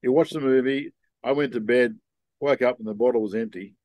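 An older man being interviewed, telling long rambling stories in a relaxed, casual way. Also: medium pitch, brisk. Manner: laid-back rambling storyteller. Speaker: guest.

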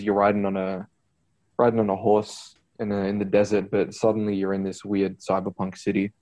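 A man's voice: fairly low pitch, mellow, rough recording. A man rambling casually about songs on a podcast, hunting for words. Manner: rambling, lots of fillers and restarts. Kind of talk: casual music chat.

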